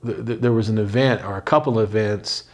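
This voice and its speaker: A man interviewing a guest, asking long questions with pauses and restarts. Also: fairly low pitch, fairly even intonation. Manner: hesitant, many fillers and restarts.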